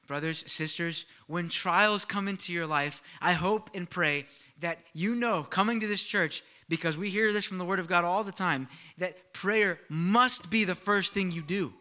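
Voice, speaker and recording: A middle-aged pastor preaching with a high, ringing voice. He talks in a lively, conversational way, throwing out questions to his congregation and chatting in asides. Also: moderate pace. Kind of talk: sermon.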